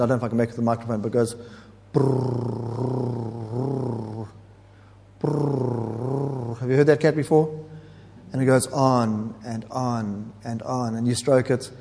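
A man's voice: mid-range voice, noisy background. A man preaching a sermon in an earnest, explanatory way, often restarting his phrases. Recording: long hall reverb.

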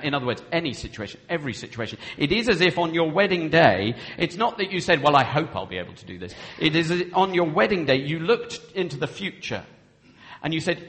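A man's voice: on the high side, lively intonation, brisk, a bit bright. Man preaching in an echoing hall. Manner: earnest, acts out vows in quoted speech. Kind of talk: sermon on marriage. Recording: long hall reverb.

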